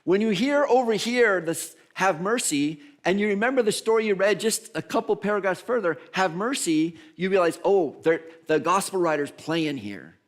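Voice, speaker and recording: A man's voice: sits high, lively intonation, brisk, few pauses. A man preaching a sermon as minister, acting out the voices of Bible figures and laughing at himself along the way.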